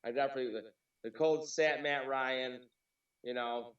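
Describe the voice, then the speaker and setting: A man's voice: medium pitch, normal speed, muffled recording. Joking man on a distant, roomy mic. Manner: joking, relaxed, hesitant starts. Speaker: co-host. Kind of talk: casual sports talk.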